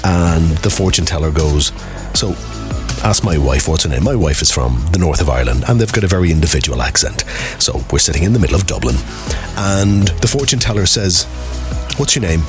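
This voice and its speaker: A man's voice: deep voice, animated, brisk, music in the background. A man hosting a radio show, telling a story in a wry, cynical way. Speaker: radio host. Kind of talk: casual radio chat.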